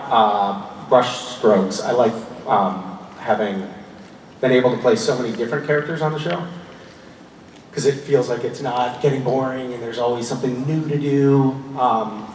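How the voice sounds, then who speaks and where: Forties male panel guest, casual and self-deprecating, laughs a lot; distant and roomy recording. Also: medium pitch. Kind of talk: casual Q&A storytelling. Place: large convention hall. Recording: echoey hall recorded from far off with noise.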